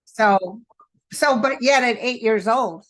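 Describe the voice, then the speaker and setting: A woman's voice: on the high side, takes it slowly, a bit bright. A woman co-hosting a spiritual talk show, chatting earnestly and chiming in with her own anecdotes. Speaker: podcast co-host. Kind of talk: casual spiritual chat.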